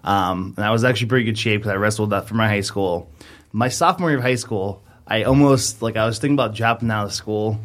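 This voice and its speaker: A man's voice: lowish voice, fast. Rambling man telling stories, casual. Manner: rambling storyteller, many fillers. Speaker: podcast co-host. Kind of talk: casual chat.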